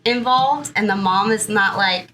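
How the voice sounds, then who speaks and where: Bright, chatty woman in her thirties. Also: medium pitch, measured pace, a little hiss or hum, poor audio. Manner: chatty, heavy use of "like" and "you know". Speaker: guest. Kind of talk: personal interview storytelling.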